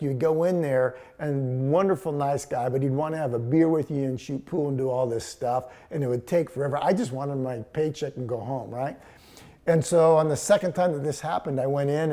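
An older man, a pastor with grandchildren, preaching a sermon, telling a story and then slowing down to stress words, sometimes dropping close to a whisper. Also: fairly high pitch, mellow. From Texas.

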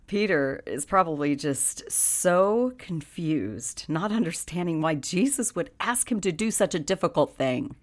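A woman's voice: on the low side, big pitch swings, a little slow. A woman hosting a devotional podcast, earnest and encouraging, with frequent laughs. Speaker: podcast host giving a devotional.

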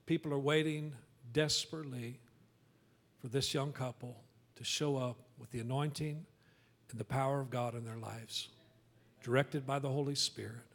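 A man's voice: medium pitch, a bit bright. A man, the pastor, speaking earnestly to his congregation and introducing a guest speaker. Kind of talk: sermon.

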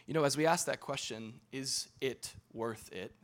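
Impassioned bright-voiced male preacher. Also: normal speed. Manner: impassioned, swings from loud urging to low intimate tones, repeats words. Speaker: pastor. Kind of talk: sermon.

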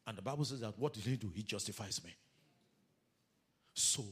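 A man preaching a sermon as pastor, animated, calling the congregation to read scripture aloud with him. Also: lowish voice, moderate pace, husky.

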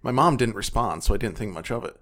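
A man's voice: on the low side, lively intonation, fast talker, fairly bright tone. A man co-hosting a casual podcast, reading online posts aloud with sardonic asides.

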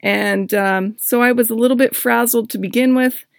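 A woman hosting a podcast, telling a personal story and giving self-help advice in a candid, expressive way. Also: fairly high pitch, normal speed, creaky, no echo. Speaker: podcast host.

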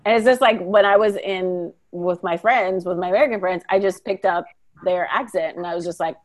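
A woman hosting a podcast, chatting casually with a giggly, animated way of telling stories. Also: on the low side, brisk. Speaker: podcast host. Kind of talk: casual chat.

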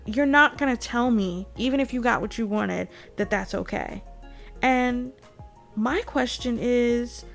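Gravelly-voiced woman commentator. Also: a little high, measured pace, soft background music. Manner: indignant, addresses viewers directly, laughs between points. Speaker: political commentary host. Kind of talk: casual political commentary to viewers.

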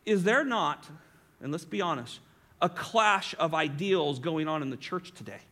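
A man preaching a sermon as pastor, swinging between emphatic lines and hushed asides. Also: fairly high pitch, expressive, unhurried.

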